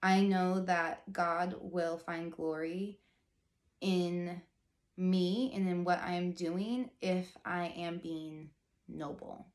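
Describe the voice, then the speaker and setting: A woman's voice: on the low side, steady tone, slow pace, reverberant. A woman in her thirties telling a personal faith story in a casual, rambling vlog style, full of "like" and earnest asides. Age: 30s. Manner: chatty, rambling, heavy use of "like", earnest. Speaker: faith vlogger.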